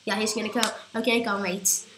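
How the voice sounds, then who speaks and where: A woman chatting through live gameplay commentary, rambling and getting excitable at big moments. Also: mid-range voice, a little fast, echoey room, background noise. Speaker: gaming YouTuber.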